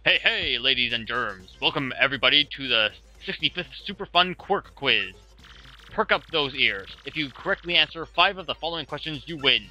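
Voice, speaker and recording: Gloating male fortress quiz-master, read by a man: hammy, taunting, bright-toned, game soundtrack under. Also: medium pitch, expressive, moderate pace, soft background music, voice pushed up.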